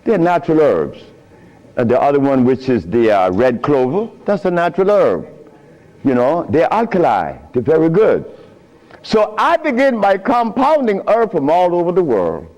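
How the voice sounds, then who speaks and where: Speaking at a moderate pace in a fairly high voice, a man lectures informally to an audience, spinning animated stories with loose grammar and frequent chuckles. The high frequencies of the recording are cut off.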